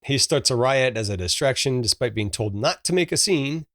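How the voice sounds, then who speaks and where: A man in his forties co-hosts a casual movie podcast, telling stories with lots of fillers and easy laughs. His voice sits at a middle pitch. The sound is dry and close, with no room echo. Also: animated, normal speed, fairly bright tone. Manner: chatty storyteller, frequent fillers and laughs. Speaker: podcast co-host. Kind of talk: casual movie review chat.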